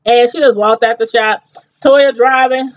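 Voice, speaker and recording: Woman, chatty TV reviewer, high-pitched, laughs often, muffled lo-fi sound. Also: steady tone, unhurried. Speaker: TV show reviewer. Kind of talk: casual review chat.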